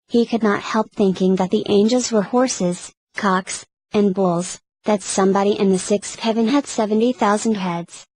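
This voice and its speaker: A woman reading a classic story aloud as an audiobook narrator, steady and even through long lists. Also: mid-range voice, dry recording, poor audio.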